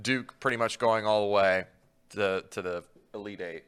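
Brief: easygoing male sports co-host, smooth and bright. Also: on the low side, moderate pace. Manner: easygoing, a little hesitant. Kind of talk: casual sports talk.

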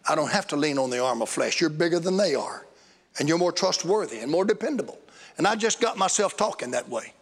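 Man preacher, gravelly, storytelling, big hall reverb. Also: a little high, fairly quick. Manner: storytelling, rising to excited bursts. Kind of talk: sermon. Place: church hall. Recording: echoey hall.

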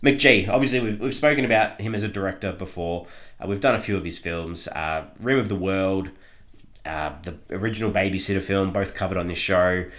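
A man's voice: low voice, brisk, fairly bright tone. A man co-hosting a podcast, reviewing a film in casual chat, rambling with lots of ums and frequent laughter. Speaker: podcast co-host reviewing films.

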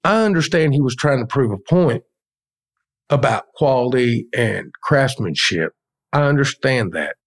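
A man's voice: medium pitch, lively intonation, a little slow. A man, a business owner telling blunt, profane stories as a podcast guest. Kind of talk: casual storytelling.

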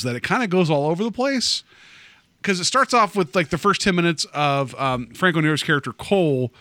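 A man hosting a relaxed movie podcast, talking in a loose, rambling way full of filler words. His voice sits a little high and bright, recorded dry and close. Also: no room sound. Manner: rambling, chatty, lots of "like" and "um". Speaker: podcast host. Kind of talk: casual movie podcast chat.

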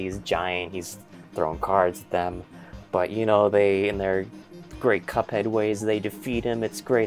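A man's voice: on the low side, a little mellow. A man co-hosting a podcast, rambling through a comedic made-up movie recap. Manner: rambling, voices characters in quotes. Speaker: podcast co-host.

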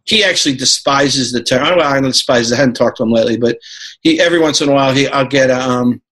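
A man's voice: medium pitch, fast, a bit bright, rough recording. A man from New York, a podcast guest, talking in a rambling, casual way with lots of fillers and laughing asides.

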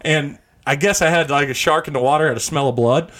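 A middle-aged man hosting a podcast, telling profane stories in a casual, animated way. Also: fairly high pitch, a little fast. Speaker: podcast host. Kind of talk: casual chat.

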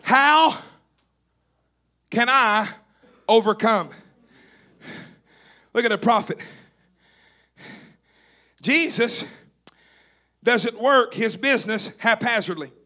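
High, bright shouting preacher. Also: male voice, lively intonation, slow pace, pauses often. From East Tennessee. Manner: shouting, fervent, repetitive preaching cadence. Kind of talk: sermon. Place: church.

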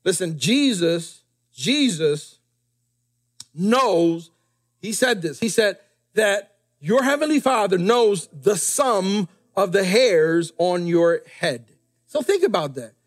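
A man's voice: high-pitched, big pitch swings, slow pace. A middle-aged male pastor preaching a sermon, repeating key lines and stretching words for emphasis, with light jokes to the congregation.

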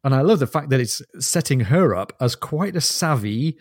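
A man's voice: mid-range voice, animated, moderate pace, breathy edge, no room sound, clean studio sound. A man co-hosting a podcast, chatting eagerly about a novel and reading passages aloud. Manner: enthusiastic, reads quoted passages aloud with laughs. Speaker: podcast co-host. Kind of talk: casual book discussion.

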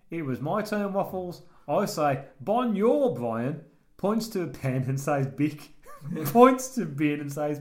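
A man reading out a letter in the voice of a simple-minded, bumbling male writer who uses broken grammar. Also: a little high. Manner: slow, halting, broken grammar.

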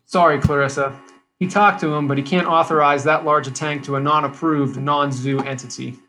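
A man reading the lines of a helpful teenage boy who reasons gently with his friend. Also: fairly high pitch, fairly even intonation, fairly quick. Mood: coaxing.

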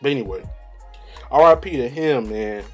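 A man's voice: medium pitch, lively intonation, normal speed, soft background music. A young man, rambling in casual slang-heavy chat as a solo vlogger, laughing at his own stories.

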